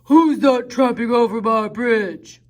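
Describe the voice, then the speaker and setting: A woman voicing a mean, big, ugly male troll in a storybook read-aloud for children, loud and threatening. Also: on the high side, takes it slowly. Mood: menacing.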